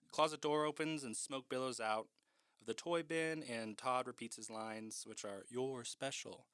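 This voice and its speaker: A man's voice: medium pitch, moderate pace, fairly bright tone, clean tone, no room sound, studio quality. A man casually recapping a horror film in a chatty, profane way, with lots of "like".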